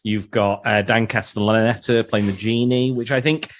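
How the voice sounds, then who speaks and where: A man co-hosts a casual podcast chat, talking in a chatty, hesitant way. His voice sits on the low side. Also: fairly even intonation, normal speed. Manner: chatty, hesitant with fillers and restarts. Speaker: podcast co-host.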